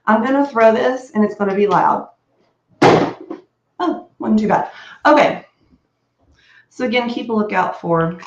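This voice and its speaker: Reverberant, lo-fi audio captures a medium-pitched woman, a beauty vlogger, chatting as she gets ready at home. She's upbeat and rambling, laughs a lot, and tends to have coughing fits.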